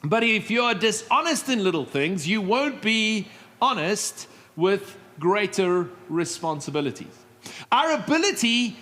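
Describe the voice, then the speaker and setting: A middle-aged male pastor preaching a sermon, telling stories with lively asides and humor. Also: very high voice. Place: church stage.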